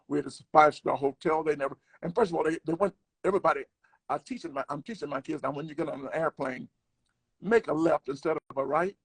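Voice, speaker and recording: A man's voice: a little high, quick pace, husky, no room sound. An older man, a comedian, telling a travel story in casual conversation, acting out the people he quotes. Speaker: guest comedian.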